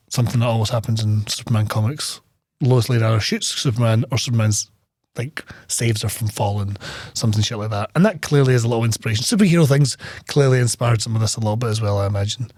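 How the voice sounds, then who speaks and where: A man's voice: mid-range voice, darkish tone, no room sound, studio quality. A young Scottish man co-hosting a podcast, recapping a film in casual chat, joking, swearing freely and laughing often. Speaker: podcast co-host.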